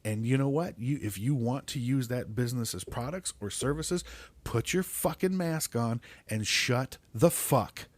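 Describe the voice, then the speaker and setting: A middle-aged podcast host rants with constant swearing, tripping over his words when he gets worked up. His voice sits at an ordinary middle pitch. The recording is dry and close, with no room sound. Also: a little slow, no room sound. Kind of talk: profane ranting monologue.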